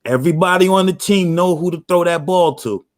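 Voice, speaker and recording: A man's voice: high voice, fairly quick, dry recording, studio quality. A man on a casual panel talk, agreeing and stumbling over repeated words as he jumps in. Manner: stammers when cutting in, agreeable.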